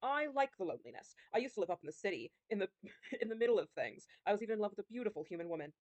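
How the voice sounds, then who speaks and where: A woman voicing an ancient phantom of the sewers, calm and detached, talking in a steady, measured way. Close, dry sound, mid-pitched like her own voice. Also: dry recording, natural voice.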